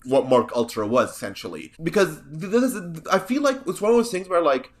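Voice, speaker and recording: A man's voice: on the high side, very animated, fairly quick. Sardonic, rambling male podcast host. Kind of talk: casual podcast chat.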